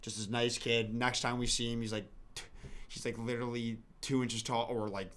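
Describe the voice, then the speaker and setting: A man co-hosting a casual podcast, talking with eager enthusiasm. He rambles a little, circling back and restarting his thoughts as he goes. His pitch sits right in the middle. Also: level tone, moderate pace, a bit bright. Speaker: podcast co-host. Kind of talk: casual hockey podcast chat.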